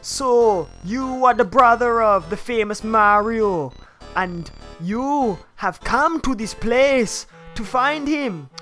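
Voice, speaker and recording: Grand spirit medium in a put-on Jamaican accent, voiced by a streamer, higher and louder than his own talk, slow and mystical. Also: lively intonation, faint music behind. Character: theatrical fortune-teller spirit woman.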